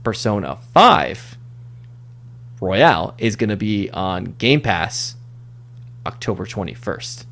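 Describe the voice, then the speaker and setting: Guy hosting a gaming podcast, lowish voice, upbeat and quick, lots of ums and likes. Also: animated, a bit bright. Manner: upbeat, quick bursts with filler words. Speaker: podcast host. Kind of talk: casual chat.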